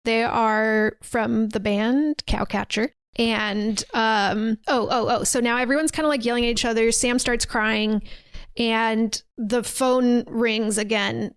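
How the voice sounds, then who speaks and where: A woman's voice: fairly high pitch, fairly even intonation, measured pace, clean tone, no room sound, clean studio sound. A woman hosting a podcast, casually recapping a horror movie, swearing and acting out the characters' lines. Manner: chatty, acts out quotes, swears freely.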